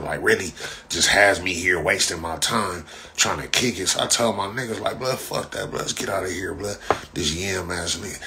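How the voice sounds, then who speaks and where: A low-pitched man, talking in a loose, profane live-stream ramble. His voice is forceful and mocks freely, with a faint hiss behind it. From Los Angeles. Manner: profane, mocking, rambling storyteller. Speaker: livestreamer. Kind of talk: casual live-stream chat.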